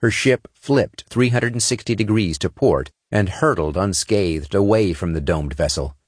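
A male audiobook narrator with a deep, husky voice reads scripted material at normal speed. The studio recording is clean and dry.

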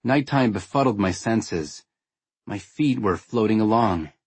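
A man tells a first-person story in a wry, understated manner. His voice sits on the low side with a husky grain. The recording is close and dry. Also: animated, a little slow, darkish tone, dry recording. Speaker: audiobook narrator.

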